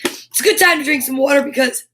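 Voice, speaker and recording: On a live kids' show, a middle-aged woman chats quickly in a high-pitched, fairly bright voice, with slight background noise. She's bubbly, silly and talkative, going through viewers' comments and speaking to them directly on the stream.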